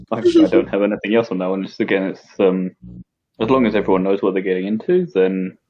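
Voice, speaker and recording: A man's voice: low voice, very animated, fairly quick, a little hiss or hum. A man guest on a casual podcast who chimes in with dry, wry remarks. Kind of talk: casual chat. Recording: dull, lo-fi podcast audio.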